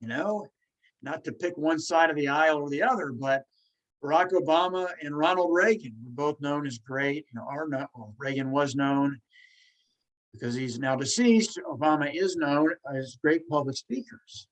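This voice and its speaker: A man's voice: a little high, normal speed, rough recording. Man who stutters, hosting a podcast. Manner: stutters, with repeated words and restarts. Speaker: podcast host. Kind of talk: casual podcast conversation.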